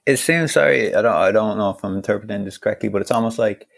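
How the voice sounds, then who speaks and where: A man co-hosts a podcast, putting his ideas forward tentatively and thoughtfully. His voice is on the low side. His tone is calm and conversational. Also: fast, vocal fry. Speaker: podcast co-host. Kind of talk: casual interview chat.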